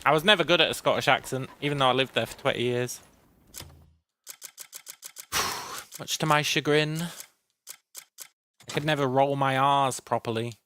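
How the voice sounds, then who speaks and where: A man streaming a video game, chatting wryly with viewers and often clearing his throat. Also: medium pitch, normal speed, pauses often, pushed and bright, a little hiss or hum. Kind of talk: casual gameplay commentary.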